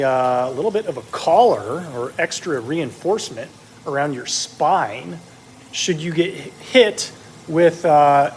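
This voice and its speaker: With meat sizzling in the kitchen, a cooking vlogger whose voice is a little high rambles casually as he cooks, dropping plenty of ums and uhs. The audio is poor, with slight background noise.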